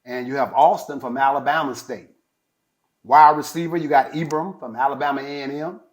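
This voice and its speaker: A man's voice: medium pitch, steady tone, fairly quick. A male host of a sports podcast, reading out player lists in a casual, talky way with lots of fillers and opinionated asides.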